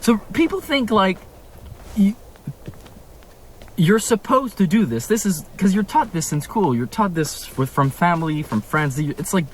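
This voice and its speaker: A man's voice: high voice, lively intonation, a little slow, slight background noise. A young man from Canada, speaking in a casual vlog from a room at home, ranting with emphatic rhetorical questions. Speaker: vlogger.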